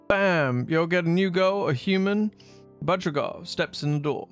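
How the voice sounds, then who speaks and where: A man with a fairly high voice reads a visual novel aloud on a live stream, playful and quick with asides. Faint game music plays behind him. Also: lively intonation.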